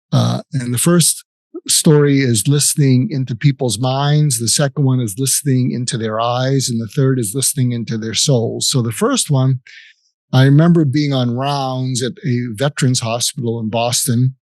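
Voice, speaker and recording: An older man, a psychiatrist, recounting a personal story in an interview, reflective and halting with restarts. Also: medium pitch, darkish tone, no room sound.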